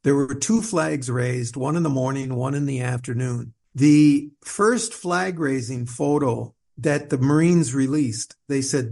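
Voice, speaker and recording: A middle-aged man, an author, telling stories in a rambling conversational way, restarting and repeating words, animated when he quotes others. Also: mid-range voice, vocal fry. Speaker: author interviewed as guest. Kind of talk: conversational storytelling interview.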